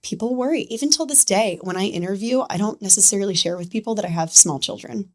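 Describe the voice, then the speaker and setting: A woman's voice: mid-range voice, expressive, fast talker. A woman in her thirties, a podcast guest, talking candidly in casual conversation and acting out little quoted exchanges as she tells her story.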